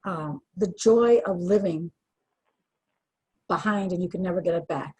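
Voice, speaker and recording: A woman's voice: lowish voice, a little slow, a little mellow, husky, poor audio. An older woman speaking earnestly and from the heart as an interview guest, with frequent restarts. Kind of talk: emotional personal interview.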